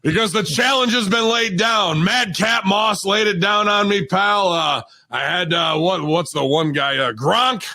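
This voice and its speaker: A man doing a comedic impression of a gruff, profane old wrestling company boss who rambles and calls everyone pal. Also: high-pitched, unhurried, hardly any pauses, bright, forceful tone, exaggerated voice. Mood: blustering.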